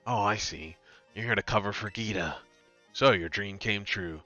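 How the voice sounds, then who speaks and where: A man reading the lines of an aloof young male snowboarder gym leader from a video game, quiet, flat and brooding. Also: on the low side, moderate pace, highs cut off, soft background music. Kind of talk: reading game dialogue aloud.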